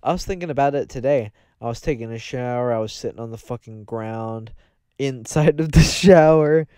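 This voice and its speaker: A man's voice: mid-range voice, normal speed, dark tone, clear, resonant tone, dry recording, clean studio sound. A young man co-hosting a crude comedy podcast, rambling through profane, mock-grandiose rants. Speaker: podcast co-host.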